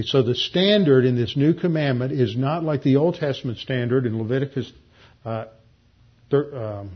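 A man pastor giving verse-by-verse Bible teaching in a measured, explanatory way, slowing down to stress key phrases. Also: mid-range voice, husky, highs cut off.

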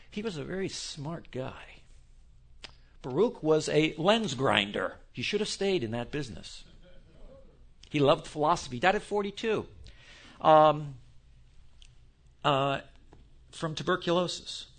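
A man giving an impassioned, sarcastic Bible lecture, swinging between quiet asides and loud outbursts. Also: fairly high pitch. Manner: fiery, sarcastic, self-deprecating.

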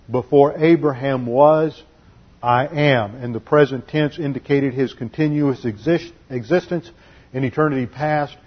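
Husky male preacher teaching a sermon. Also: medium pitch. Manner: measured, deliberate teaching delivery with slowed emphasis on key phrases. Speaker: pastor. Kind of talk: expository Bible teaching sermon. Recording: dull lo-fi recording.

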